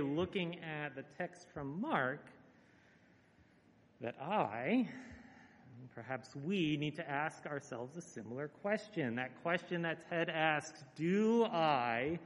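Male preacher, slightly high voice, casual earnest sermon delivery, long hall reverb. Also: measured pace. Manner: earnest, relaxed, frequent "uh" fillers. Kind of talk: conversational sermon.

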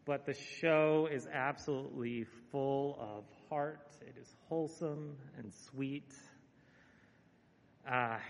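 A man preaching a conversational sermon, earnest and relaxed, with frequent "uh" fillers. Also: medium pitch, vocal fry. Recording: echoey hall with long reverb.

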